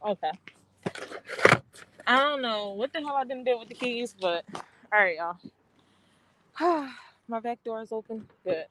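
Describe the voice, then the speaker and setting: Young female vlogger, flustered and sweary, lively highish voice, noisy car recording. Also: a little slow, pauses often. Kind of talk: casual vlog talking to viewers. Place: parked car. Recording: noticeable background noise.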